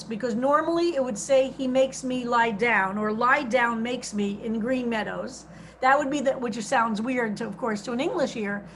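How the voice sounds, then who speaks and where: A woman rabbi teaching a text study over a video call, reading translations slowly and stressing each phrase. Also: high voice, a little hiss or hum.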